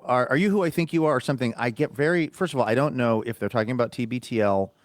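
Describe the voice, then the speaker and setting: Lively storytelling man, deep voice. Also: no echo. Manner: animated storytelling, acts out quotes. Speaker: podcast co-host. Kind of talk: casual chat.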